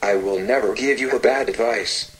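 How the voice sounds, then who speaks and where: A man voicing a living shadow in a storybook tale, with a low, dark, coaxing voice. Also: normal speed, close to an everyday voice, rough recording. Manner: coaxing, insistent. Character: girl's own shadow, low dark insistent voice.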